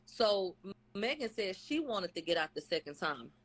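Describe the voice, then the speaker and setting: A woman's voice: medium pitch, sing-song, normal speed, noisy background. Blunt, slangy woman recapping. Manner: blunt, profane, slangy, quotes testimony in acted voices. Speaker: vlogger recapping a court case. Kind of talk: casual live recap.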